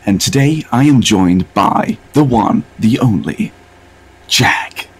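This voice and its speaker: A man's voice: fairly low pitch, lively intonation, takes it slowly, a little hiss or hum, voice pushed up. A man doing a grand gaming intro. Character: impression of a male gamer's video intro.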